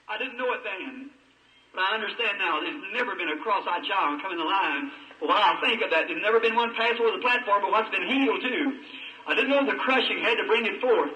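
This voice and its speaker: A high-pitched, bright-toned preacher tells a personal story with raw emotion, his voice climbing into pleading cries. He sounds far from the mic, and his voice rings through an echoey hall. A faint hiss of old tape runs underneath. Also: lo-fi sound. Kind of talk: sermon testimony.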